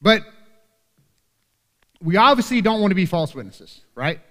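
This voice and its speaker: A man's voice: sits high, sing-song, unhurried, sharp tone, in a large hall. A man preaching a sermon as pastor in a church, talking earnestly and conversationally and often checking in with "right?". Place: church sanctuary.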